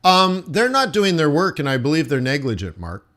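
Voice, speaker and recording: A man hosting live market commentary, talking in an animated, blunt and mocking way. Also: a little high, normal speed. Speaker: trading show host.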